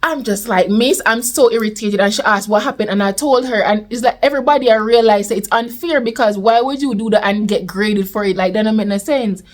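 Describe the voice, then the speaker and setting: A young woman with a Jamaican accent telling a storytime vlog in a lively way, slipping into patois. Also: medium pitch, brisk, few pauses. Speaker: vlogger. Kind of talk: casual storytime.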